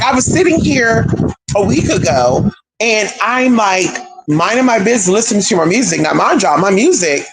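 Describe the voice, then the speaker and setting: A livestreamer talks to the audience in a loose, swearing, chatty monologue, the pitch leaping up and down all the time. The recording carries clear background noise and clicks. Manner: animated, profane, chatty, addresses viewers as y'all and girl. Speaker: streamer. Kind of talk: casual spiritual monologue.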